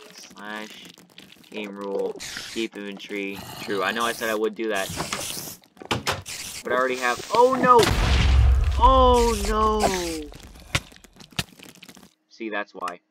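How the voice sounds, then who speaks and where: A man giving casual gameplay commentary, jumpy and exclaiming at danger, his voice cracking when he yells. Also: on the low side, level tone, normal speed, long pauses, very noisy. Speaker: gameplay video host.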